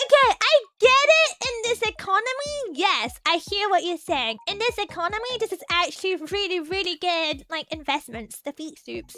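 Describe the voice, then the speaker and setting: A young woman streaming as a VTuber, chatting casually with her viewers, giggly and playfully teasing her chat. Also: extremely high pitch.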